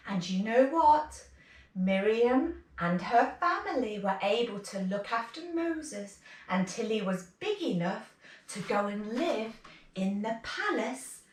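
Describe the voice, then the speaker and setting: Brief: woman, kids' yoga teacher, unhurried and soothing, recorded from a distance in a roomy space. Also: mid-range voice. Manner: gentle, encouraging, soothing. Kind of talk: guiding a kids' yoga and relaxation session. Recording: echoey room from a distance.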